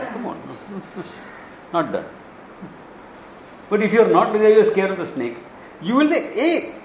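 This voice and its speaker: A man's voice: high voice, slight background noise. Male Indian spiritual teacher, Kerala-born, chuckling storyteller in an echoey hall. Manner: animated storytelling, acts out dialogues, chuckles often. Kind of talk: Vedanta discourse.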